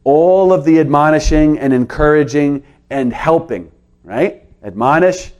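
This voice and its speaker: A man preaching a sermon to his congregation, earnest, with his pitch rising and dropping for emphasis. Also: measured pace, darkish tone. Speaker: pastor.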